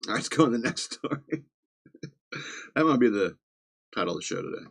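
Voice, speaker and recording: A man's voice: medium pitch, expressive, a little fast, vocal fry, fairly bright tone, slightly rough. A man hosting a podcast from Virginia, reading news stories with sarcastic, chuckling asides in a casual comedic style. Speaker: podcast host.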